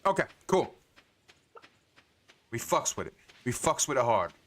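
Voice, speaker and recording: A man's voice: on the high side, fairly bright tone. A man livestreaming a farming game, rambling to himself and swearing often in casual commentary.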